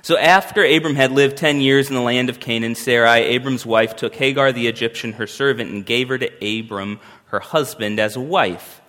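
A man's voice: medium pitch, normal speed, hardly any pauses, a bit bright. A man preaching a sermon as pastor, talking in a conversational and emphatic way with wry humor. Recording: long hall reverb.

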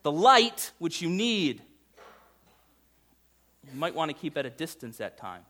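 A man preaching a sermon conversationally, asking his listeners questions and swinging between loud emphasis and hushed intensity. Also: a little high, sing-song, a little slow. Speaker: pastor.

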